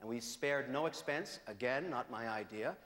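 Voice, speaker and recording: A man hosting a live comedy festival on stage, telling stories in an animated way. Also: mid-range voice, moderate pace, a little hiss or hum. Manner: animated storytelling. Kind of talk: stand-up hosting. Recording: echoey hall with reverb.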